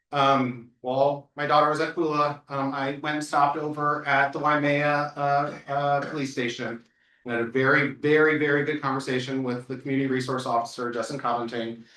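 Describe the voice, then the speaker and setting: A man's voice: on the high side, sharp tone. A man leading a community meeting, talking in a blunt, earnest and emphatic way. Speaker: meeting organizer. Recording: echoey room from far off.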